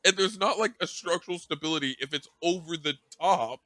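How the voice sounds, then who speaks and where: A man co-hosting a casual podcast, recapping an anime episode with rambling, animated asides and quoted lines. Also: a little high, a little fast, no echo. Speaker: podcast co-host.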